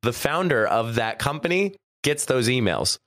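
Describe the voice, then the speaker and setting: A man's voice: medium pitch, big pitch swings, normal speed, a bit bright, dry recording, clean studio sound. A man co-hosting a podcast in casual chat, a little stuffy, chatty and laughing often. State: stuffy nose. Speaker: podcast co-host.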